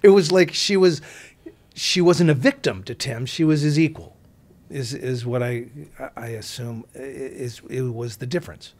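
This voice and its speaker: Man rambling through an interview story. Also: mid-range voice. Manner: rambling with frequent restarts and asides. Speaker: actor guest.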